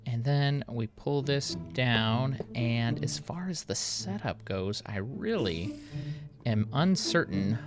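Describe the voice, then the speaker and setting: Chatty man with a lively voice. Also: medium pitch, slow pace, over music. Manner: chatty, self-mocking, thinks aloud. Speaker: game video host. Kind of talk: casual gameplay commentary.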